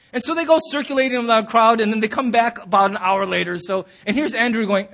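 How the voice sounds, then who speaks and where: Male pastor with a very high voice, animated sermon storyteller who acts out the quotes. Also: a little fast. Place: church sanctuary.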